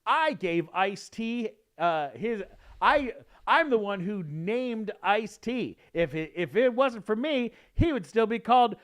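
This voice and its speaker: A man playing a pompous, arrogant rich Hollywood big-shot man who boasts loudly and haughtily. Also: sits high, lively intonation, slow, pitched above the performer's own voice, heavily acted. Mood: boastful.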